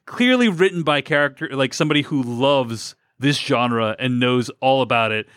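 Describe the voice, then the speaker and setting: A man's voice: medium pitch, normal speed, a bit bright, clean tone, no room sound, studio quality. A man co-hosting a film podcast, talking casually and rambling through his thoughts with many fillers and restarts. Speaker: podcast co-host. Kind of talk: casual film review chat.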